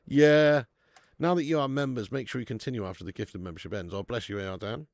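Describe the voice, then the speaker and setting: Man, football watch-along streamer, gravelly voice, casual sweary banter with loud shout-outs. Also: mid-range voice, fast, no echo. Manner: casual and sweary, with loud bursts of hype thanking viewers. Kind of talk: live football watch-along chat reading out viewer tips.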